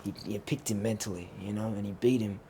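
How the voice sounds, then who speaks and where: A man's voice: lowish voice, steady tone, quick pace, warm tone. A young man, co-hosting a casual podcast chat. He rambles, leans on lots of fillers and laughs often. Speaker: podcast co-host. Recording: faint background noise.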